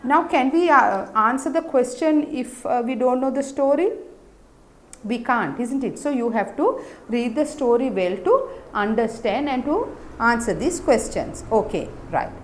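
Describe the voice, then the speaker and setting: A woman's voice: fairly high pitch, lively intonation, a little slow, a little hiss or hum. A woman teaching an English lesson to young children, explaining patiently and checking understanding with tag questions. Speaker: primary school teacher.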